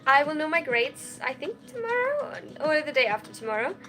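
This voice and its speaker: High-voiced excitable young woman streamer. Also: brisk, faint music behind. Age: young adult. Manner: chatty, excitable, reads chat messages aloud. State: sleep-deprived, tired. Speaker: streamer reading chat. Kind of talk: casual live-stream chat. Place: small dormitory room.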